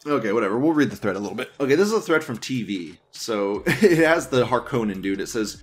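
A man's voice: medium pitch, animated, fast talker, hardly any pauses, soft background music. A man hosting a show in casual ranting commentary: crude, rambling, and laughing often. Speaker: host.

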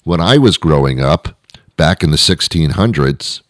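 A middle-aged man hosting a show, rambling through a comedic monologue with wry, deadpan asides. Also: very deep voice, a little slow, no echo, studio quality. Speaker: show host.

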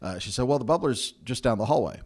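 Middle-aged man, podcast host, casual chat, easygoing storyteller, mid-pitched voice. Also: animated, fast, darkish tone. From Mississippi. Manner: easygoing storyteller, self-deprecating humor.

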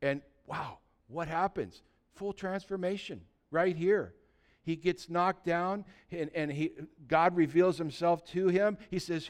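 A man preaching a sermon as pastor, impassioned and rising to loud, emphatic peaks. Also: high voice, normal speed.

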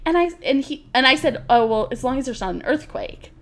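Animated young woman telling a story. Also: high voice, brisk. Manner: animated, laughing, acts out quotes in a story. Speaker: podcast co-host. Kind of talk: casual chat, storytelling.

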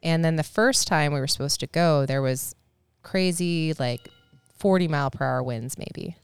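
A woman, a podcast guest, chatting casually and telling a story with animated delivery, casual swearing and acted-out quotes. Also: deep voice, normal speed, vocal fry, smooth, dry recording. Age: adult, married.

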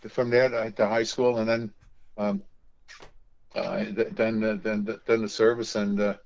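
Older man telling stories, halting. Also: fairly low pitch, gravelly, darkish tone, muffled recording. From New York. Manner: halting, repeats words, many fillers. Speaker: interview guest. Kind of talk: casual storytelling.

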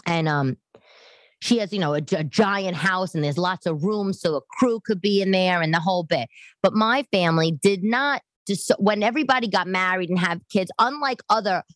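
A woman in her forties hosting a podcast from her living room, talking in a casual monologue that turns animated and emphatic, ranting with many restarts. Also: on the low side, normal speed, no room sound. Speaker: podcast host.

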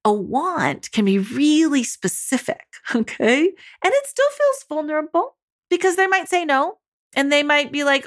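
A woman coaching mothers in a motivational talk, her voice sitting a little high. She speaks right to her listeners and calls them mamas. Upbeat and encouraging. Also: big pitch swings, unhurried. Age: adult mother.

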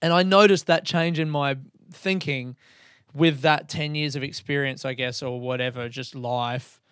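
A man's voice: mid-range voice, steady tone, unhurried, fairly bright tone, smooth, dry recording, clean studio sound. Rambling, self-mocking man, thirty. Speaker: podcast host. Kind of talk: solo podcast monologue.

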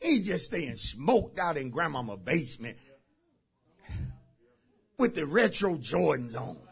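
A man preaching a sermon as pastor. He drives his points with shouted phrases and repeated calls to the congregation. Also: fairly high pitch, big pitch swings, slow, creaky, breathy edge. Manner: emphatic call-and-response preaching, shouting key phrases. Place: church service.

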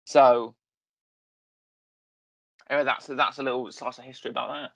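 A man's voice: medium pitch, steady tone, normal speed, creaky, a bit bright, no echo. A man co-hosting a podcast in casual chat, rambling and correcting himself often, with lots of fillers. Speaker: podcast co-host. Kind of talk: casual chat reviewing a series.

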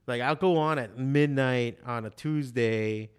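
Speaking a little slowly with a clean tone at medium pitch, a forty-something comedian guests on a podcast. The talk is casual, his anecdotes wandering and profane, with plenty of fillers.

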